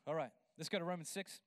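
A man preaching a sermon as a pastor, building to emphatic, drawn-out lines and breaking into chatty asides with a laugh. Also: on the high side, no echo, clean studio sound.

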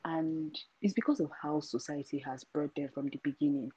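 Low, husky-voiced young woman guest. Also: fairly even intonation, normal speed, mellow, no room sound, low-quality recording. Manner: shy at first, then earnest and opinionated. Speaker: podcast guest. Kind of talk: casual podcast chat.

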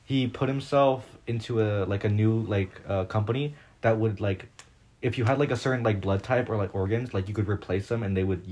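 A man co-hosting a casual podcast chat, telling stories in a rambling, excitable way full of fillers. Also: on the low side, brisk. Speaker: podcast co-host.

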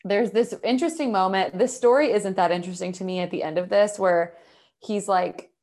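Woman, podcast co-host, slightly low voice, casual chat, retells a story with quoted asides. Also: darkish tone.

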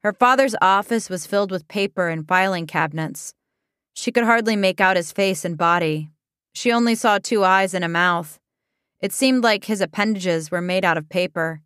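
A woman reading a comic story aloud as narrator, in a deadpan way. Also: mid-range voice, normal speed, smooth, no echo, clean studio sound.

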